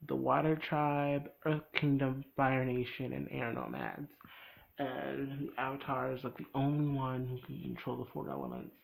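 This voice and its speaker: A young man recapping a cartoon episode in a casual, rambling way, full of fillers and quick acted quotes. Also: mid-range voice, vocal fry, slight background noise, poor audio.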